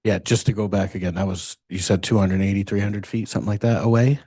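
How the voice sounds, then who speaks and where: Low husky man chairing a council meeting. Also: fairly even intonation, quick pace, warm tone, no echo.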